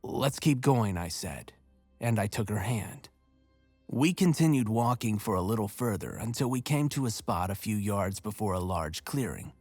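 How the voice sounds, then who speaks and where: A man narrating a first-person horror story in a measured, steady way. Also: lowish voice, breathy edge, dry recording. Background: faint music.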